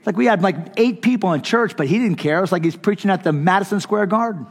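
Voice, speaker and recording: A middle-aged male pastor tells stories from the pulpit in an impassioned, conversational way, with a light humorous edge. His voice sits high for a man. It carries on a stage microphone with a long reverb off a large hall. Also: fast talker, creaky. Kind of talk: sermon storytelling. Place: conference hall.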